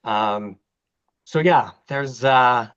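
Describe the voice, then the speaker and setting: A man's voice: medium pitch, very slow, a bit bright, clear, resonant tone. A man co-hosting a podcast, bringing up a new topic in hesitant casual chat full of fillers. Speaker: podcast co-host. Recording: dull lo-fi audio.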